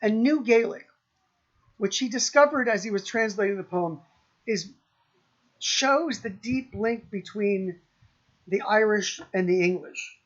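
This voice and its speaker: A male lecturer talks through a poem in a slow, unhurried way, often stopping and restarting his sentences. His voice sits fairly high for a man. The recording is dull and a little lo-fi. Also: fairly bright tone. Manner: halting, many ums and restarts, slow and thoughtful. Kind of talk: university lecture.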